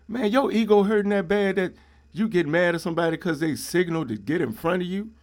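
Brief: middle-aged man with a slightly high voice, blunt and preachy solo podcast rant. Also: fairly quick, darkish tone. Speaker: podcast host. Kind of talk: ranting solo podcast monologue.

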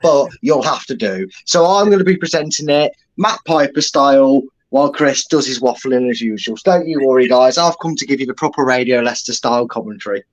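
A man's voice: medium pitch, a little fast, few pauses, muffled recording. A man co-hosting a football podcast over a video call, bantering with jokes at his own expense. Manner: joking, self-deprecating banter. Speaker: podcast co-host. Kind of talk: casual chat.

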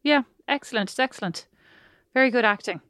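A woman co-hosting a casual podcast chat with her sister, self-mocking and quick to laugh. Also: a little high, bright, forceful tone, no echo, studio quality. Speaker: podcast co-host.

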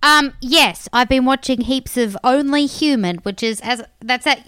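High-voiced young woman, dry close sound. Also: measured pace, fairly bright tone, clear, resonant tone, no echo. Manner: playful, swears casually, giggles. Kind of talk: casual podcast chat.

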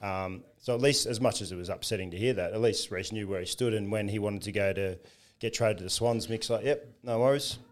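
An easygoing Australian man with a low voice recalls his football career in relaxed conversation. He chuckles now and then as he tells it. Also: brisk, hardly any pauses. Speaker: former professional footballer. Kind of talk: casual podcast chat.

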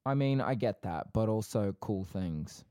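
A man co-hosting a casual podcast in a laid-back, joking way. His voice sits fairly low. The sound is dry and close. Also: expressive, unhurried, mellow, no echo. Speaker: podcast co-host.

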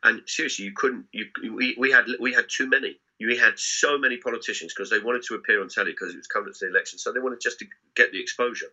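A man's voice: medium pitch, fast talker, few pauses. A middle-aged man, telling comic anecdotes as a guest and swearing freely. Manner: animated, swearing storyteller. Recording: dull lo-fi sound.

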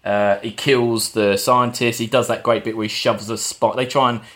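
A man's voice: mid-range voice, little pitch movement, normal speed, fairly bright tone. A man co-hosting a podcast, casually recapping film scenes and quoting lines. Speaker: podcast co-host.

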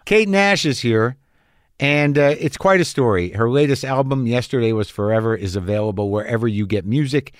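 A man's voice: mid-range voice, expressive, normal speed, no echo, clean studio sound. A man hosting a podcast, telling rambling self-deprecating stories in a sardonic way, then chatting casually with a guest. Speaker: podcast host. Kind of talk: comic monologue then casual interview.

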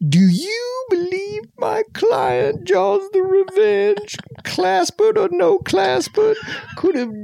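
A man's voice: very high voice, big pitch swings, vocal fry, darkish tone, no room sound, pitched above the performer's own voice, full character voice. A man playing a pompous southern trial lawyer. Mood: grandiloquent. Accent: American Southern. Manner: slow, grandiose courtroom oratory.

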